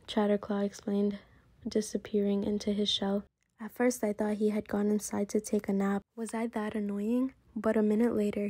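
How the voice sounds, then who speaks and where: A woman reading a children's book aloud in a soft, quiet storybook manner. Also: medium pitch, breathy edge. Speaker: reader.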